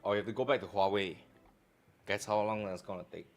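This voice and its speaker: A man's voice: lowish voice, quick pace. A man in his thirties with a Malaysian English accent, casually hosting a live-stream chat and teasing his co-host. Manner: joking and teasing, loud bursts, slang particles like "lah". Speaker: show host.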